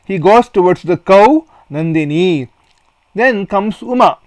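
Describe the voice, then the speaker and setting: A man's voice: high voice, animated, a little slow, dry recording. A man with an Indian English accent teaching a Sanskrit lesson, reading a textbook play phrase by phrase and explaining each phrase in English.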